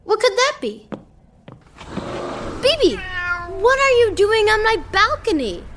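A woman's voice: very high voice, sing-song, slow, background noise, full character voice. A woman voicing a curious young girl private eye in an audio drama, talking to her cat. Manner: inquisitive, talks to her cat.

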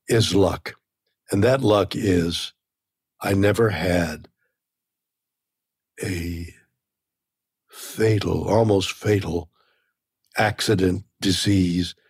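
A man in his nineties from Canada, talking in a reflective, meandering way with halting restarts as an interview guest. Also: low voice, slightly rough, no echo, studio quality. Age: 90s. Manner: halting, repeats words, meandering. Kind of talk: reflective conversation.

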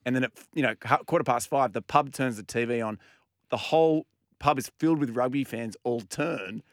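A man's voice: medium pitch, no room sound. A man hosting a sports radio show, telling anecdotes and bantering with his co-hosts in a studio. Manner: animated storyteller, quick to banter. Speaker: radio host. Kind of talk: casual sports radio chat.

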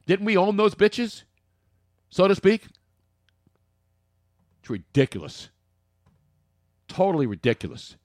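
Brief: male sports talk co-host, slightly high voice, ranting and jokey, dry close sound. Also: very animated, slow pace, long pauses, darkish tone, no room sound. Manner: ranting, jokey, big swings in pitch. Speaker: podcast co-host. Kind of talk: casual sports talk radio banter.

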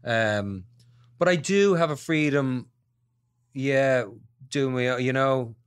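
A man's voice: mid-range voice, slow, clear, resonant tone. A man with an Irish accent, a guest actor thinking aloud in a casual podcast interview. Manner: reflective, searching for words.

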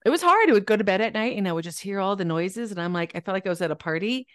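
Lively woman telling stories, dry sound. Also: mid-range voice, very fast, dry recording. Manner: lively storyteller, acts out quoted voices, laughs often. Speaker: guest author. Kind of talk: casual podcast interview.

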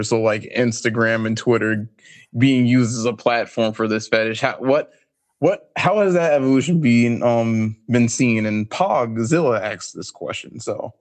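A man hosting a casual podcast, relaxed as he reads out listener questions. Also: mid-range voice. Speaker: podcast host. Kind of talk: casual conversation.

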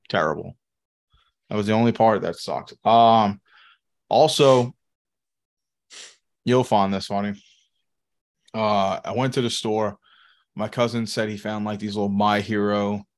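A man, co-hosting a podcast in casual, profane chat and telling rambling stories with laughs. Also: lowish voice. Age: 30s. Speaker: podcast co-host.

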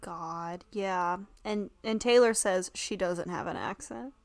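A woman's voice: on the low side, takes it slowly, no echo. A woman from North Carolina with a Southern accent, co-hosting a podcast in casual chat, with wry, blunt reactions and retold exchanges. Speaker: podcast co-host.

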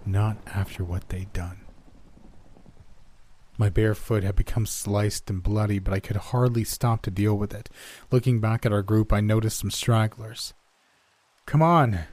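A man narrating a first-person horror story in a measured, somber way. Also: lowish voice, dark tone, dry recording.

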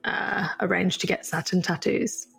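Chatty woman in her thirties, gravelly. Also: fairly low pitch, steady tone, moderate pace, fairly bright tone, soft background music. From north of England. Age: 30s. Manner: chatty storytelling, many likes and ums. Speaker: guest. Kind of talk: casual conversation.

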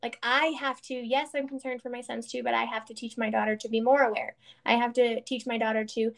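A woman's voice: a little high, a little fast, gravelly. A woman in her thirties, co-hosting a casual chat and telling stories earnestly, with lots of fillers. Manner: earnest, animated storytelling with many fillers.

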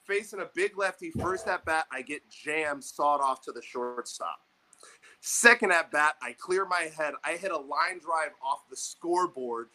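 A young man telling an animated, profane story in casual chat, acting out what people said to him. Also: on the high side, unhurried, rough recording. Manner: animated, profane, acts out quotes. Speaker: podcast co-host, baseball coach.

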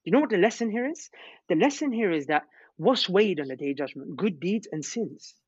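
A man telling religious stories in an animated, slangy way, repeating words as he goes. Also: high voice, fairly quick, husky, dry recording. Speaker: Islamic preacher. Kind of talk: storytelling religious talk. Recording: dull, lo-fi sound.

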